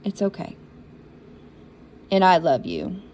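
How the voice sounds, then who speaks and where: A woman's voice: lowish voice, big pitch swings, slow pace, darkish tone, a little hiss or hum, low-quality recording. A woman giving a spiritual reading for zodiac signs, talking in an encouraging, repetitive and emotional way. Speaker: intuitive reader.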